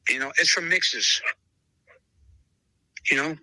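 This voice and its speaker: A man's voice: a little high, takes it slowly, bright, forceful tone, no echo, poor audio. A man who breeds dogs, telling stories in a casual interview and acting out both sides of past conversations, often calling the listener brother. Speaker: dog breeder.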